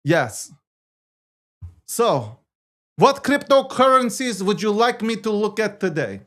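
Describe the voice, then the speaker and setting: High-voiced boastful livestream co-host man. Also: very animated, a bit bright. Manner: boastful, joking, halting with repeated phrases. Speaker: weekly co-host of a crypto markets show. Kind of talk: casual livestream market commentary.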